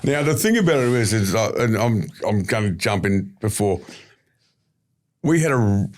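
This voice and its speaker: Blunt Australian man with a low voice. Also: big pitch swings, normal speed. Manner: blunt, storytelling, slangy. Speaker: podcast guest. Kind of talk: casual podcast chat.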